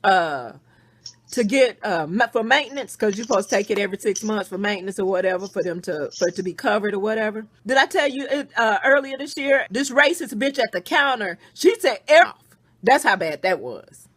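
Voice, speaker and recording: A woman's voice: medium pitch, animated, fairly quick, a bit bright, dry recording. A woman telling a story in a casual, profane rant over the phone and acting out what other people said. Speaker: podcast host. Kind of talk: casual venting on a phone call.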